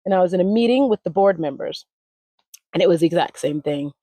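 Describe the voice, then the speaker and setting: A woman in her forties being interviewed, telling animated stories and acting out quoted voices. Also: lowish voice, fast, dry recording. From United States. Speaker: language retreat founder, interview guest. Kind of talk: conversational interview storytelling.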